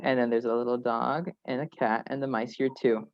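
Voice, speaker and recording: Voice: medium pitch, fairly even intonation, fairly quick. Kid presenter, show-and-tell on a video call. Earnest and simple, with muffled sound. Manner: simple, earnest sentences describing pictures.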